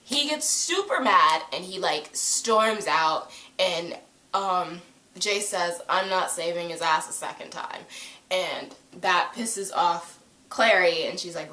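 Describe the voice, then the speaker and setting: A woman's voice: lowish voice, unhurried, sharp tone, roomy sound, low-quality recording. A young woman vlogger chatting casually through a TV episode recap, gushing and full of "like" as she acts out quotes.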